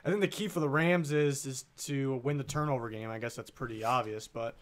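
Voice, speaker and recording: A man co-hosting a casual sports podcast, speaking at a middle pitch. He jokes loosely and often trails off before finishing a thought. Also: a little fast. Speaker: podcast co-host. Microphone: table mic on a livestream.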